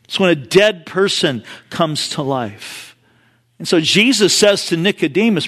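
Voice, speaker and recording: Male preacher, high voice, casual storyteller with asides. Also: animated, measured pace, fairly bright tone. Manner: conversational storytelling with frequent asides. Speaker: pastor. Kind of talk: sermon.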